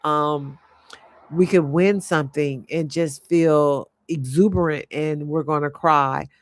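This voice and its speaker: A woman life coach giving an earnest, reflective spiritual talk, often pausing and searching for her words. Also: low voice, fairly even intonation. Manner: earnest, halting, searches for words mid-sentence.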